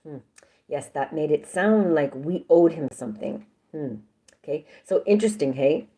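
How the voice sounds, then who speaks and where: A woman's voice: deep voice, lively intonation, normal speed, dark tone. A woman reading a story aloud on a live stream in a chatty, playful way, breaking off for jokes and asides. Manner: chatty, playful, swears and jokes between passages.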